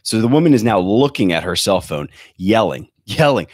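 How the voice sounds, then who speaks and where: A man's voice: on the low side, big pitch swings, moderate pace, a little mellow, no echo, studio quality. Profane sarcastic man ranting. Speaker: podcast host. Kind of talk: comedic rant. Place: bedroom at home. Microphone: webcam setup.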